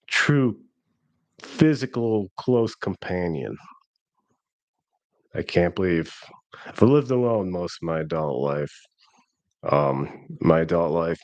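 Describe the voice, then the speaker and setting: A man's voice: very deep voice, no echo. A man in his thirties telling a rambling, self-deprecating personal story in a casual vlog. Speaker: vlogger.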